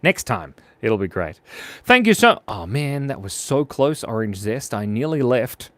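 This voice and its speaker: A man's voice: medium pitch, sing-song, a little slow, fairly bright tone, dry recording. A man hosting a live drawing stream, chatting playfully and reading out viewer comments as he draws. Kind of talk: casual live-stream chat while drawing.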